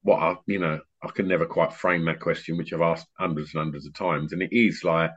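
A man's voice: low-pitched, fairly quick, husky. Rambling man hosting an online call. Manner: rambling, animated storyteller with many restarts. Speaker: podcast host and DJ. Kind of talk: casual chat on an online call. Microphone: video call. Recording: muffled lo-fi online call audio.

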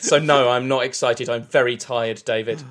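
A man co-hosting a comedy quiz podcast, telling absurd stories in a deadpan way. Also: mid-range voice, normal speed. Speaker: podcast co-host.

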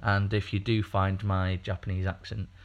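Rambling man, low voice. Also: flat delivery, moderate pace, highs cut off. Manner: rambling, chatty, many fillers and restarts. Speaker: podcast co-host. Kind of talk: casual podcast chat.

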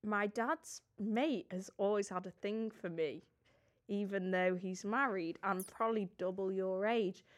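A woman's voice: mid-range voice, a little slow. A young adult woman co-hosting a podcast, casually chatting, laughing and swearing as she reads out listener messages. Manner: laughing, swearing, animated reading. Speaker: podcast co-host. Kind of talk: casual chat, reading listener messages aloud.

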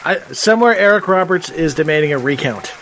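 A man co-hosting a casual podcast, rambling through a funny memory with restarts and loud laughter. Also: a little high, expressive, fairly quick, a little hiss or hum. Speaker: podcast co-host.

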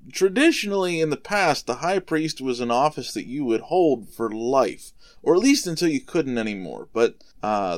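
A man hosting a podcast, casually retelling a Bible story for children, relaxed and conversational, explaining things simply. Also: mid-range voice. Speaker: podcast host retelling Bible stories for kids.

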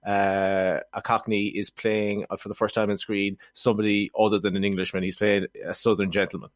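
A man co-hosting a film podcast, talking in a quick, wry, sardonic way and going off on comic tangents. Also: lowish voice, little pitch movement, no echo, clean studio sound. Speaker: podcast co-host. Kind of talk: casual film review chat.

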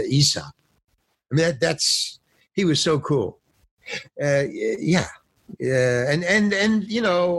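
An older man, an actor and stand-up comedian, tells stories in a casual interview, animatedly acting out the voices in them. His voice has a fairly high pitch, with no echo, and he's on a phone or remote call.

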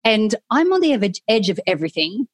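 A woman's voice: mid-range voice, very animated, a little fast, no echo. A middle-aged woman, a guest telling a candid personal story in a casual interview and acting out her own inner voice.

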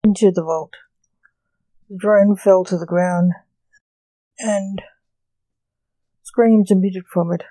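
A woman reading her short story aloud, slow and deliberate. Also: mid-range voice, fairly even intonation, mellow, dry recording.

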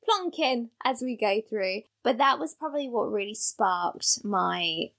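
Female podcast co-host, gravelly, lively casual storyteller. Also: fairly high pitch, measured pace. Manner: animated storyteller, laughs mid-sentence, acts out voices.

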